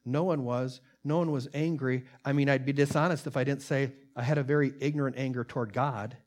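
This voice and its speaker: A man's voice: mid-range voice, darkish tone. A man preaching a sermon, reading an interview transcript aloud and commenting earnestly, with many fillers and restarts. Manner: earnest, rising in volume on quotes, many fillers. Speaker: pastor.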